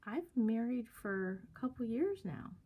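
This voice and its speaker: A woman's voice: a little high, sing-song, measured pace, warm tone, slight background noise, pitched above the performer's own voice. A woman voicing giddy young women who talk in a giggly, sing-songy way.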